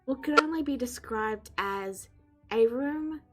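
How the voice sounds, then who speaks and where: A woman runs a tabletop game as game master, describing scenes and pausing often to find her words. Her voice sits a little high. Faint music plays underneath.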